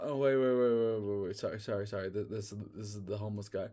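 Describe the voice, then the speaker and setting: A man's voice: medium pitch, a little fast, few pauses, darkish tone. A man reading fanfiction aloud in a casual comedic way, breaking off to swear and laugh at the writing. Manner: swearing, laughing asides, self-interrupting. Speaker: fanfiction reader.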